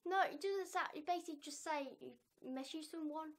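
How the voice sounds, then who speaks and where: High-voiced young woman vlogging. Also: fairly quick, hardly any pauses. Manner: animated and self-mocking, laughs often. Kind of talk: casual reaction vlog.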